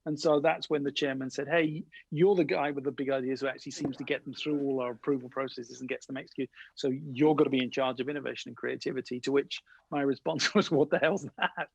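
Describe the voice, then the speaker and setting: Gravelly, husky-voiced storytelling man. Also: a little high, fast, dry recording, low-quality recording. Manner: lively anecdotes, acting out quoted voices. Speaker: guest innovation speaker. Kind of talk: animated storytelling interview.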